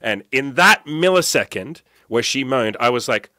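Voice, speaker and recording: A man's voice: mid-range voice, expressive, normal speed, sharp tone, no room sound, clean studio sound. A man on a podcast as a guest, telling a candid, profane personal story and acting out his own past thoughts. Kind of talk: casual storytelling.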